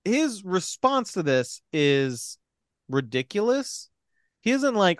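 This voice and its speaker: A man's voice: high-pitched, sing-song, slow pace, clear, resonant tone, no echo, clean studio sound. A young man in casual chat, animatedly retelling a film's plot, acting out the characters' lines, swearing and laughing. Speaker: podcast co-host recapping a film.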